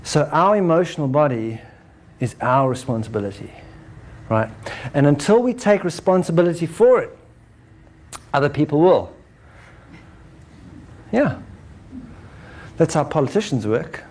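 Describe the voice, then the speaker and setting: A man's voice: a little high, very animated, measured pace, long pauses, a little mellow. Conversational man giving a spiritual talk. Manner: conversational, often adds "right?" to check in. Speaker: speaker presenting his book and method. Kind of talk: informal spiritual talk to a live audience.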